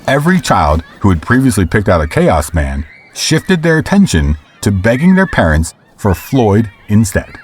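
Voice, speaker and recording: A man with a very low voice narrates a scripted audio drama. He reads in a steady, measured way. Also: slightly rough.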